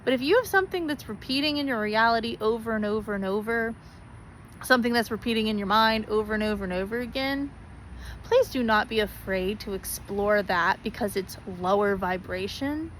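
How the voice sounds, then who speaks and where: A spiritual vlogger speaks directly to her viewers in a fairly high, fairly quick, fairly bright voice, earnest and pleading, repeating herself for emphasis. The heartfelt talk is a rough recording with slight background noise.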